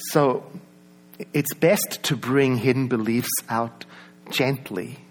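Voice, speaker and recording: A man with a South African accent giving a reflective personal talk, conversational, with many asides and soft laughs. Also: fairly low pitch, slight background noise. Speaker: speaker.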